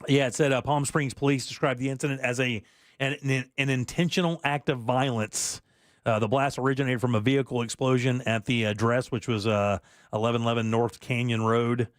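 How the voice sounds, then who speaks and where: A man's voice: medium pitch, steady tone, brisk, no room sound. Chatty man hosting talk radio, dry studio sound. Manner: chatty, laughs easily, reads listener texts aloud. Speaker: radio show host. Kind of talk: casual talk-radio banter.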